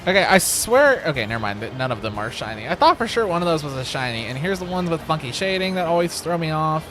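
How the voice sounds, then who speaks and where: Guy streaming games, jokey and rambly, kinda high bright voice, music going behind him. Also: very animated, quick pace. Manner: joking, rambling, laughs often. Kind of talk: casual gaming livestream chat.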